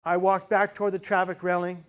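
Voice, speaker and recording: A man with a high voice delivers a speech to a live audience, telling a gripping personal story. His delivery is dramatic, rising to intense peaks and then dropping to hushed, slow emphasis. He often turns to the crowd with rhetorical questions. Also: little pitch movement. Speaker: keynote speaker.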